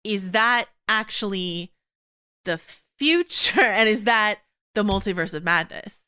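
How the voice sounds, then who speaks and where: A woman hosting a podcast, talking quickly and casually, full of fillers and laughs. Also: medium pitch, sharp tone, clean tone. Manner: quick, chatty, full of "you know" and laughs. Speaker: podcast host. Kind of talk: casual TV discussion chat.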